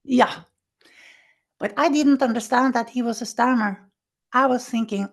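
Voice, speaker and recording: A woman being interviewed, telling her recovery story in animated, halting, non-native English, acting out what people said. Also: fairly high pitch, vocal fry. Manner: animated storyteller who acts out quoted speech. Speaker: interview guest. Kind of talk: personal recovery story told in conversation.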